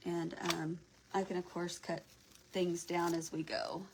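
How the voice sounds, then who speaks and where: A woman's voice: lowish voice, little pitch movement, measured pace, creaky, background noise. A woman hosting a casual craft livestream, chatting and greeting viewers by name as she works, sometimes dropping to a near whisper.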